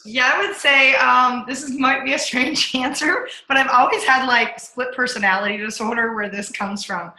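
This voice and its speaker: Bright, punchy woman telling stories. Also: high voice, moderate pace, hardly any pauses, echoey room, poor audio. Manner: energetic, punchy, acts out her inner voice. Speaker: podcast guest, accountability coach. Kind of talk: candid interview storytelling.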